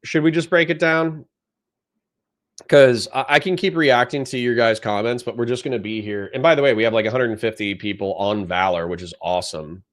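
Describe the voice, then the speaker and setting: A young man hosting a casual livestream, reading chat comments aloud and reacting in a profane, animated way. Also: medium pitch, brisk. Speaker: livestream host.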